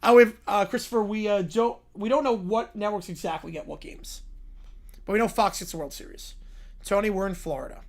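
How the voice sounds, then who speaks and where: A man streaming live, reacting to a video with jokey, deadpan asides. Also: sits high, brisk. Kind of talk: livestream reaction chat.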